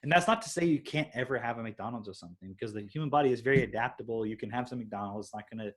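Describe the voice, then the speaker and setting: A man's voice: mid-range voice, very fast. A man co-hosting a podcast over a video call, talking casually in a rambling, emphatic way and swearing freely. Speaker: podcast co-host. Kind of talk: casual chat.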